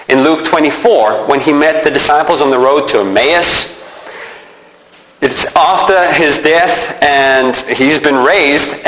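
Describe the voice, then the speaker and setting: A man preaching a sermon as pastor, animated and emphatic, often repeating himself as he stresses a point. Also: on the high side. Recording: echoey hall with long reverb.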